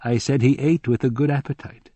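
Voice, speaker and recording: A man's voice: medium pitch, moderate pace, vocal fry, a little mellow, no room sound, pitched above the performer's own voice. A man reading an audiobook, voicing a weary, brusque male resistance leader who answers questions evasively.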